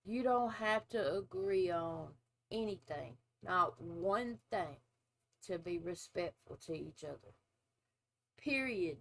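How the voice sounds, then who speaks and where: Woman in her 40s, reaction vlog host, gravelly low voice, slow and blunt. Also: expressive, poor audio. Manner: blunt, opinionated, drawn-out asides. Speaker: former nurse. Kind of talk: casual reaction commentary.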